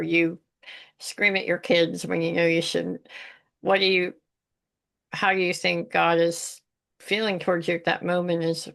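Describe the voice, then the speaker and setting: Low creaky-voiced woman podcast host. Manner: animated, laughs often, acts out voices. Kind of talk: casual faith conversation.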